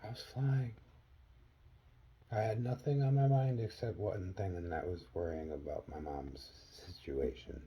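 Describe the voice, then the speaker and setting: A man from Wisconsin earnestly telling a personal story in a vlog, acting out the dialogue with sharp jumps up in pitch. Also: unhurried, husky, low-quality recording. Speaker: vlogger.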